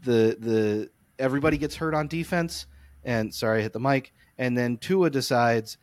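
Animated young man with a dry voice. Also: mid-range voice, moderate pace, no room sound. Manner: animated, comic storytelling, rants. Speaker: podcast co-host. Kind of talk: casual chat.

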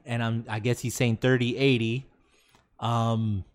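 Slow, laid-back male podcast host. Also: medium pitch, little pitch movement. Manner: laid-back, slow-talking, reads chat aloud. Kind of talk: casual live-stream chat.

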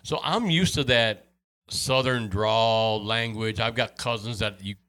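A man's voice: on the low side, a little slow, a bit bright. Easygoing Midwestern man hosting an interview. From Wisconsin. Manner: easygoing, chatty, with fillers. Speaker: interviewer, host. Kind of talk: casual interview chat.

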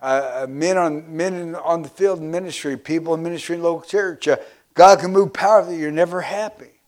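A man preaching a sermon as pastor, filling pauses with "uh" and calling for amens. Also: a little high, darkish tone. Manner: preaching with frequent "uh" fillers, asking for amens.

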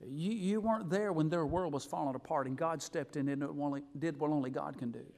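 A middle-aged man preaching a live revival sermon in a church, swinging from hushed asides to shouting, with folksy humor. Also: fairly high pitch, quick pace, creaky. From Alabama. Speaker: guest pastor. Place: church sanctuary.

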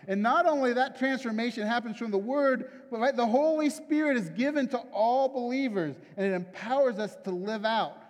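High-voiced man preaching in a reverberant hall. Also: moderate pace, hardly any pauses. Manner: conversational and confessional, often checking in with the listeners. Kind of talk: sermon.

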